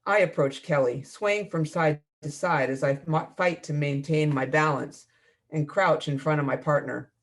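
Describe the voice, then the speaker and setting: Gravelly-voiced man reading his fiction. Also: fairly high pitch. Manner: measured, expressive storytelling read. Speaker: author. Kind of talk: reading own fiction aloud.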